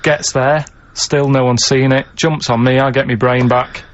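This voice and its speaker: A man's voice: mid-range voice, flat delivery, normal speed. A man, a regular on a comic radio show, explaining things in a plain, earnest way. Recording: dull lo-fi radio recording.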